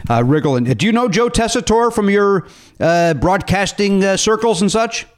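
A man hosting a casual comedy chat show, playful and quick to tease, with mock indignation. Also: high voice, animated. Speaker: talk show host.

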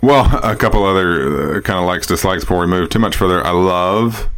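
Deep-voiced guy chatting about an old movie on a podcast, gets animated, laughs a lot. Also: a little fast. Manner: animated, laughing, lots of restarts. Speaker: podcast co-host. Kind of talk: casual film discussion.

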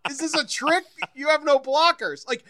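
A man co-hosting a sports podcast, telling lively stories in casual chat and laughing often. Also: extremely high pitch, moderate pace, no echo, studio quality. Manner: animated storyteller, laughs often.

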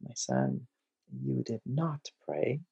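A man quoting a gentle old mystic teacher. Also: mid-range voice, animated, slow, gravelly, highs cut off, exaggerated voice. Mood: gently correcting. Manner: soft, patient, quietly correcting. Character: gentle, loving older male mystic teacher.

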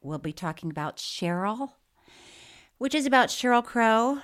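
A woman's voice: fairly high pitch, lively intonation, unhurried. A woman co-hosting a podcast in casual chat, reading listener mail in a playful, giggly way. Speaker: podcast co-host.

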